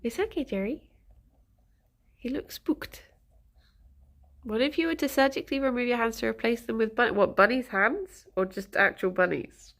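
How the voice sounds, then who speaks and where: A woman's voice: on the high side, vocal fry, a bit bright. A woman streaming casually, giggly and rambling, chatting with viewers and talking to her rabbits, a bit sniffly.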